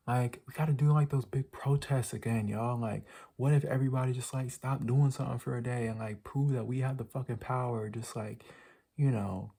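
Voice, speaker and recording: Ranting casually to camera, a young vlogger rambles and swears with plenty of filler words. He speaks at a quick pace in a warm, level, medium-pitched voice with vocal fry.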